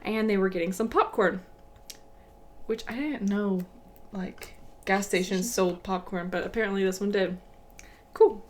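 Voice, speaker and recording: A young adult woman co-hosting a podcast, relaxed and chatty as she reads out a listener's story. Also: medium pitch, unhurried, long pauses. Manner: relaxed, chatty, laughs easily. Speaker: podcast co-host. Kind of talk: casual chat.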